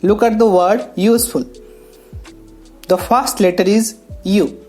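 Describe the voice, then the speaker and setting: A woman teaching English grammar, talking slowly and explaining each step with pauses. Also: mid-range voice, fairly even intonation, a little mellow. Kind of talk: classroom lesson narration. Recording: faint background music.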